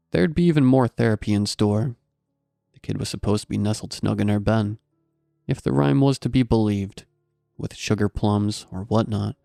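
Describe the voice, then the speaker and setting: Male horror-story narrator: wry scripted delivery, low pitch, dry close sound. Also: vocal fry, warm tone, no echo.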